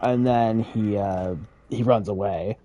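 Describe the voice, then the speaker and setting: A man's voice: lowish voice, steady tone, slow pace, dark tone, lo-fi sound, slight background noise. A man casually retelling a wrestling game storyline, rambling and profane, with chuckles. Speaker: gaming creator.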